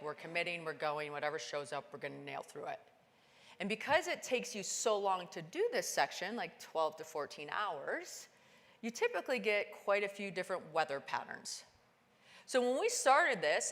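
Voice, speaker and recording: A woman giving a motivational keynote talk, telling a climbing story and acting out the dialogue with sudden bursts of high excitement. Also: in a large hall. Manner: animated, acts out dialogue with sudden high-pitched exclamations. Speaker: keynote speaker. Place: conference stage in a large hall.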